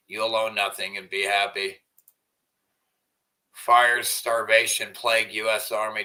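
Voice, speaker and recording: Angry low-voiced man ranting. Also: bright, forceful tone. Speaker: livestreamer. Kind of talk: livestream rant and chat. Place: at home.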